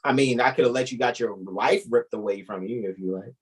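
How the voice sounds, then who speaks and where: A man's voice: medium pitch, a little fast, breathy edge, poor audio. A man co-hosting a casual podcast chat, blunt and profane with a preachy edge. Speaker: co-host.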